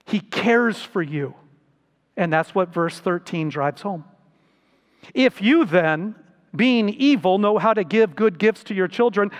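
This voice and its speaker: A man preaching a sermon as pastor, slow and deliberate, with sudden rises for emphasis. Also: sits high, lively intonation, long reverb tail.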